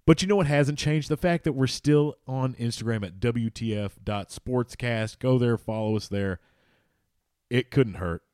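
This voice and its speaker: A man's voice: mid-range voice, unhurried, darkish tone, clear, resonant tone, dry recording, studio quality. A man co-hosting a casual sports podcast, loose and rambling, swearing freely. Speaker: podcast co-host.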